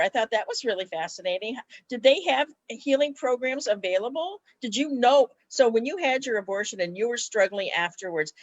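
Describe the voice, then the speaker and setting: A woman hosting a live-streamed interview over a video call, speaking warmly and directly to her viewers. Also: medium pitch, no echo, lo-fi sound. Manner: warm, direct and reassuring toward the viewers. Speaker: host of a weekly live show.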